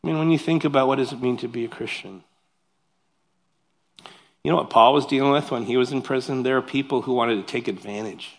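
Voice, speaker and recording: A pastor preaching a sermon. He reads scripture aloud, explains it, and adds humorous, self-deprecating asides in a lively way. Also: mid-range voice, brisk, long pauses.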